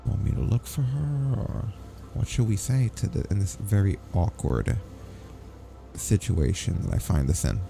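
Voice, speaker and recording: A man hosting a let's play, reading the game's text aloud with wry, deadpan asides. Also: lowish voice, normal speed, creaky, faint music behind.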